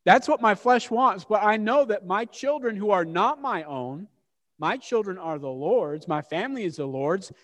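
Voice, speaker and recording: A man preaching a sermon as an animated, self-mocking story. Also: high-pitched, moderate pace. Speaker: pastor. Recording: long hall reverb.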